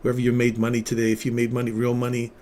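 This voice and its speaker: A man's voice: mid-range voice, monotone, racing, a little mellow, a little hiss or hum. Earnest man telling an emotional story. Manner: earnest, emotional storytelling, drops to near-whisper at tender moments. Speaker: livestream trading host, former paramedic. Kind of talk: casual livestream chat.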